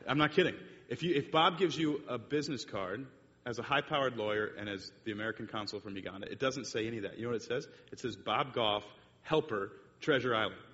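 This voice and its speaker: A man's voice: fast, fairly bright tone. Man telling a story in an echoey hall. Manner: rambling, with many fillers and restarts. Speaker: speaker giving a church talk with slides. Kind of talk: storytelling sermon. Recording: muffled echoey hall recording with faint rumble.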